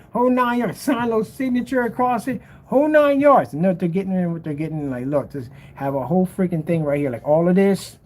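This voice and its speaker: A screen paint seller rants jokingly in casual commentary, mocking and slangy, exaggerating and laughing often. His voice is high with a darkish tone.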